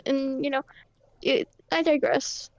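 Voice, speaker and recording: A woman voicing a high-pitched young roleplay character who rambles through her story, halting and swearing. Her voice sits dry and close, with a slightly dull, lo-fi tone. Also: steady tone, creaky, dry recording, heavily acted. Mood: agitated. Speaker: roleplay character recounting events. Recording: dull lo-fi mic.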